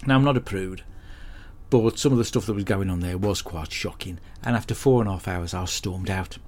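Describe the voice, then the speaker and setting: Hapless crude bloke, played by a man, deadpan rambling monologue. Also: low voice, fairly quick, lightly acted. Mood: grumbling. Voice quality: deadpan, sweary, rambling storyteller. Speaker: comedy podcast character host. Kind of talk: scripted comic monologue.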